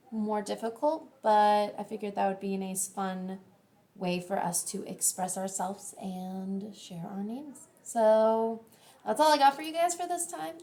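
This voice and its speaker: Slow-talking woman teaching an art lesson. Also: fairly high pitch, gravelly, darkish tone. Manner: chatty, encouraging, thinks aloud while drawing. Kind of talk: classroom art lesson video.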